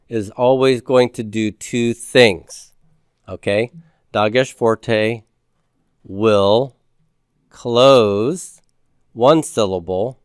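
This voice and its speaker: A man's voice: on the low side, clean tone, no echo, studio quality. A man giving a patient grammar lecture who repeats key points and keeps checking that his students follow. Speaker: Hebrew grammar teacher. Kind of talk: classroom lecture.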